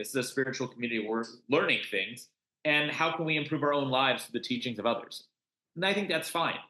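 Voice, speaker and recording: A man being interviewed as a congregation organiser, talking passionately with frequent restarts and swings in pitch. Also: sharp tone. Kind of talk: conversational podcast interview. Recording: roomy echo.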